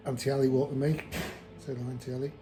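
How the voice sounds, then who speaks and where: Man, casual trail vlog, mellow voice, mid pitch, rambling with ums. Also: very fast, soft background music, poor audio. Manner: rambling and relaxed, with many ums and restarts. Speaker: long-distance walker filming a trail diary.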